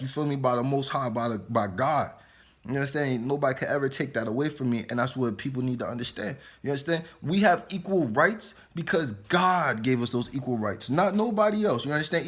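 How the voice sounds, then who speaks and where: A man's voice: a little high, fairly bright tone. Preachy man, fired-up monologue. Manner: emphatic, repeats "you understand?" after nearly every line; preachy, lecturing. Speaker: commentator. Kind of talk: impassioned political monologue.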